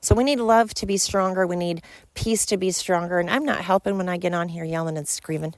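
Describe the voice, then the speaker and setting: A woman's voice: on the low side, fairly even intonation, a little fast, dry recording. A woman hosting a podcast, ranting bluntly and fired up, swearing freely. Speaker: podcast host. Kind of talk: opinionated podcast rant.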